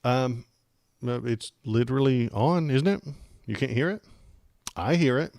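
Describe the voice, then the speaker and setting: A man's voice: mid-range voice, unhurried, gravelly, darkish tone, no room sound, studio quality. A man hosting a political livestream, chatting casually and rambling with jokes and lots of fillers.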